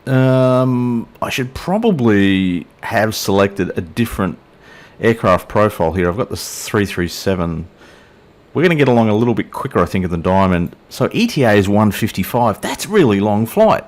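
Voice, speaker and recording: A middle-aged man hosts a flight sim video with casual gameplay commentary, chatty and self-deprecating as he jokes with a silent co-pilot mid-flight. His lowish voice swings widely in pitch at normal speed.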